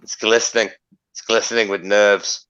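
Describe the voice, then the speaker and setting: A man's voice: on the low side, flat delivery, normal speed, a bit bright, clear, resonant tone. A man co-hosting a live wrestling watch-along podcast, teasing the others with dry quips. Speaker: podcast co-host. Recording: lo-fi mic.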